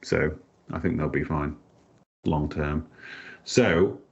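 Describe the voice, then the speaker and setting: Extremely low and gravelly, this man's husky voice stays steady and slow as he co-hosts a podcast. He chats casually, cracks jokes, wanders off topic, and laughs often, all on slightly dull lo-fi sound.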